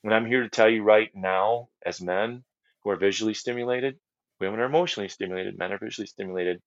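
A middle-aged man speaks in a lowish voice, telling his testimony earnestly, looping back on phrases and filling pauses. The sound is dry and a bit dull, like close podcast audio. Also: no echo. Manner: earnest storyteller, repeats phrases, many fillers and restarts. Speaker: guest ministry leader. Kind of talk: personal testimony in a podcast chat.

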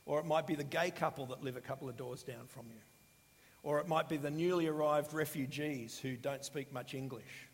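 A man preaching a sermon in a relaxed, conversational way, often pausing with fillers and restarting his sentences. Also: a little high. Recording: long hall reverb.

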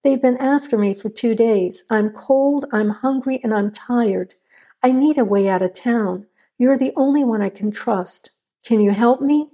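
A woman's voice: fairly high pitch, a little slow, dark tone. A woman reading the part of a hunted man on the run, curt and stern. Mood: terse. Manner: curt and demanding.

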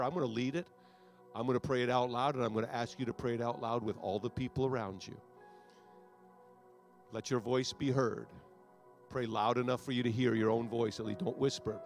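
A man preaching as a pastor, with a repetitive, exhorting cadence that builds toward fervent prayer. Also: fairly low pitch. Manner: rising to loud fervent prayer. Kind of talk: sermon altar call and prayer.

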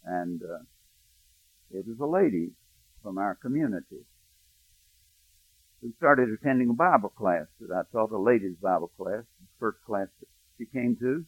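A male pastor preaching a sermon, telling a personal story, hushed in tender moments and rising to emphatic preaching. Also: lowish voice, expressive, moderate pace, long pauses, slightly rough. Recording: dry, thin phone-like sound.

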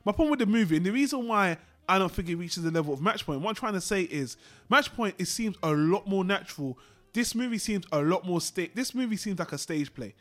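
A man co-hosting a podcast, chatting casually about a film, animated and swearing as he acts out lines from it. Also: high-pitched, fairly quick. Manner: animated, swearing, acts out characters in his retelling. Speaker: podcast co-host.

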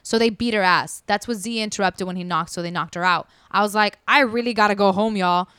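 A woman's voice: mid-range voice, a little fast, smooth, no room sound, studio quality. A woman telling a story casually and animatedly, acting out what people said. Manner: animated, acts out quotes. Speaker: podcast storyteller.

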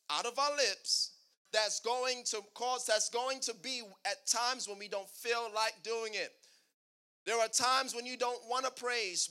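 This male pastor has a very high-pitched, sharp, clear and resonant voice. He preaches a sermon with call-and-response, prompting the congregation to respond.

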